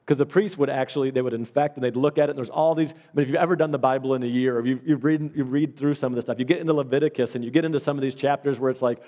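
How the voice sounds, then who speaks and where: A male pastor with a warm, steady, medium-pitched voice preaches a storytelling sermon at rapid-fire pace with few pauses. He speaks conversationally, acting out the voices of people in his stories, and the large hall adds a long reverb.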